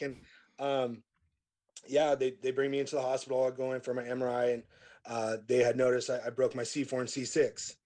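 A middle-aged metal band vocalist guests on a podcast, talking briskly through his past in casual interview storytelling. He is laid-back and rambling, with lots of fillers and false starts, and his voice sits at an ordinary middle pitch for a man.

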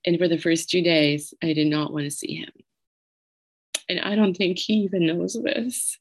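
A woman's voice: on the low side, fairly even intonation, normal speed, slightly rough. A middle-aged woman telling a candid, emotional personal story and swearing freely as she goes.

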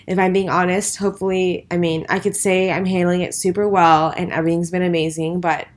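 A woman's voice: fairly low pitch, level tone, fairly quick. A tired, stressed woman co-hosting a casual podcast, talking in a rambling, hesitant way with lots of fillers. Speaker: podcast co-host. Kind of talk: casual chat.

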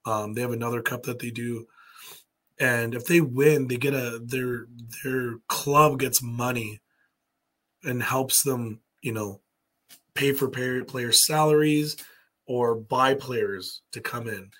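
A man's voice: medium pitch, takes it slowly, a bit bright. A man co-hosting a podcast, chatting loosely about sports and putting questions to the others. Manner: loose, rambling, asks the panel questions. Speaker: podcast co-host. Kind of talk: casual sports chat.

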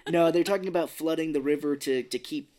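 A man's voice: a little high, brisk, darkish tone. An American man co-hosting a podcast, casually retelling a film's plot in a loose, rambling way. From United States. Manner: rambling retelling of scenes with quoted voices. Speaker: podcast co-host. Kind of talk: casual movie recap chat.

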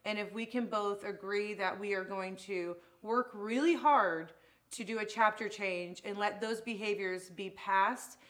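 A woman's voice: medium pitch, a bit bright. A woman who owns a salon, talking as a guest in a casual chat; emotional and rambling, often restarting her sentences.

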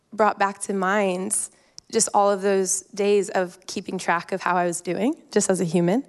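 A woman's voice: mid-range voice, smooth. Chatty young woman giving a sermon. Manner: chatty, self-deprecating, lots of ums and likes. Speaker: youth speaker. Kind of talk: informal sermon with prayer and personal story.

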